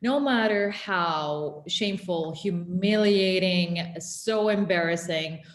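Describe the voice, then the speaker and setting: A woman interviewer and former client talking casually and earnestly, stretching out words for emphasis. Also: lowish voice. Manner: earnest, drawn-out emphasis, laughs easily. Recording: echoey room.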